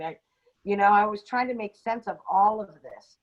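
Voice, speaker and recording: Woman co-host, middle pitch, unscripted storytelling, halting delivery, dull lo-fi recording. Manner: hesitant, many ums and restarts. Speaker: podcast co-host. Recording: dull lo-fi audio.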